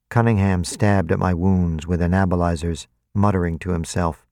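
A man narrating a novel in the first person in a wry, even way, close to the mic. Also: sits low, normal speed, hardly any pauses, no echo. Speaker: audiobook narrator.

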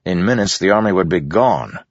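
A man narrating a fantasy audiobook with a steady, measured reading, in a dull, dry recording. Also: low voice, no room sound.

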